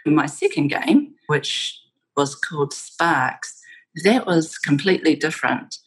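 A middle-aged woman from New Zealand with a New Zealand accent, reflectively telling stories as an interview guest, with the odd soft laugh. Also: deep voice, expressive, slow, breathy edge, poor audio. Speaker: game studio founder, guest. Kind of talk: conversational interview storytelling.

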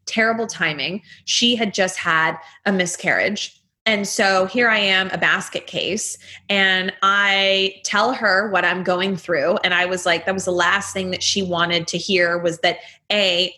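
A woman in casual conversation, telling a personal story in an animated, dramatic way and leaning heavily on "like". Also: mid-range voice. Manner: animated, chatty, leans heavily on "like"; dramatic, acts out the dialogue she quotes.

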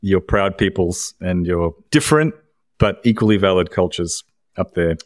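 A man's voice: sits low, lively intonation, normal speed, no room sound, clean studio sound. A man co-hosting a podcast in a casual, jokey chat, laughing and bantering with his partner. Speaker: podcast co-host.

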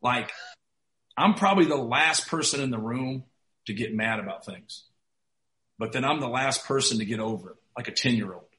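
Rambling middle-aged coach, bright roomy voice. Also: male voice, mid-range voice, lively intonation, moderate pace. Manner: rambling, heavy use of "like", self-deprecating. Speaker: college basketball head coach. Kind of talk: casual storytelling in a podcast interview. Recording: roomy echo.

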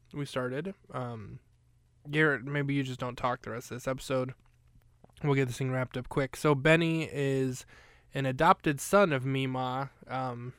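Smooth-voiced man rambling through a recap. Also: medium pitch, no echo. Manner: rambling, chatty, with many fillers. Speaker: podcast host recapping a film. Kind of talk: casual chat.

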